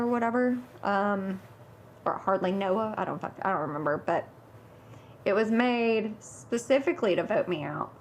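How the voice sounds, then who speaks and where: A woman talking casually through her game strategy in a confessional, with many fillers. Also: mid-range voice. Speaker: reality game contestant.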